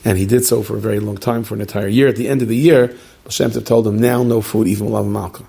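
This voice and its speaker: A man's voice: fairly low pitch, steady tone, fast, creaky, warm tone, breathy edge. A man, a rabbi, telling a story in a sermon, chatty and full of joking asides, with Yiddish and Hebrew words mixed into his speech.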